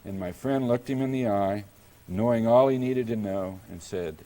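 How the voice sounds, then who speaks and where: A middle-aged man from Kansas, a mayor, delivering a prepared public lecture in a measured, deliberate storytelling manner. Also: on the low side, dark tone.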